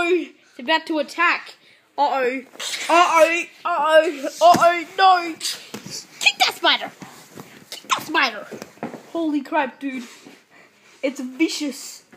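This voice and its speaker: Excitable high-voiced young woman vlogger. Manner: excitable, hushed then yelling. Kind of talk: joking mock wildlife spotting.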